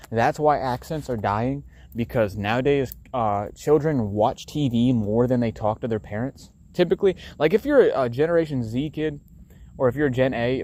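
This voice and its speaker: A man's voice: medium pitch, warm tone. A man from the United States rambling on a solo podcast, swearing freely and filling gaps with fillers. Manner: rambling, profane, full of fillers. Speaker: podcast host.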